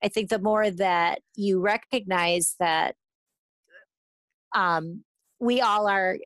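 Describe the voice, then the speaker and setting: A woman's voice: mid-range voice, slow pace, fairly bright tone, no echo. A woman therapist talking through advice in a thoughtful, hesitant way, with many fillers and restarts. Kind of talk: casual conversational advice.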